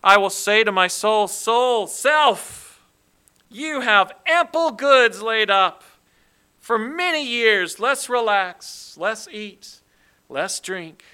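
Boastful greedy rich man, as a preacher puts him on: loud, smooth, gloating. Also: high-pitched, animated, slow, voice pushed up, full character voice.

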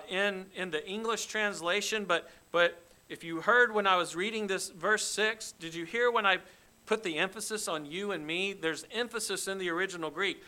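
A man's voice: fairly high pitch, bright, forceful tone. A man preaching an expository sermon, emphatic and dramatic, acting out the quoted lines with rising force. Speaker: pastor.

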